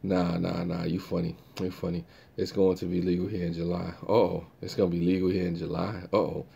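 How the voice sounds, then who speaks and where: A man's voice: deep voice, little pitch movement, a little fast, gravelly, warm tone, husky. A man hosting a live stream, chatting casually and reacting to viewer comments in a laid-back way.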